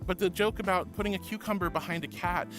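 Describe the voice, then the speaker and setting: A man's voice: sits high, steady tone, fast talker, music in the background. A man streaming live, reading chat aloud and playfully calling viewers honey and sweetie. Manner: playful and giggly.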